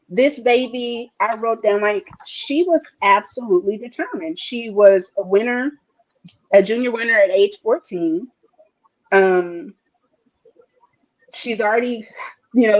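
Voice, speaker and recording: Animated woman with a muffled sound. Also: on the high side. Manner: animated, expressive storytelling, rising with excitement. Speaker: podcast co-host. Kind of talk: casual chat. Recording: slightly dull, muffled sound.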